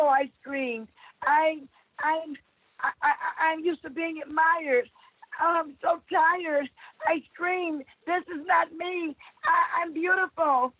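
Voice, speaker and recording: A woman poet chatting through a story with laughs, then reciting a spoken-word poem with dramatic jumps in pitch. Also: husky, no echo. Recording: tinny phone-like radio line.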